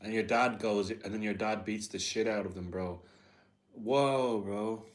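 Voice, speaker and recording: A man's voice: fairly low pitch, level tone, normal speed. A man chatting casually on his livestream, laid-back and laughing, tacking "bro" onto most of his sentences. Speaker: livestream host.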